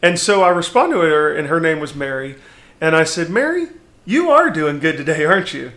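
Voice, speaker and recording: A man in his thirties, a podcast guest, telling a story in a candid, lively conversational way. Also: fairly high pitch, moderate pace. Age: 30s.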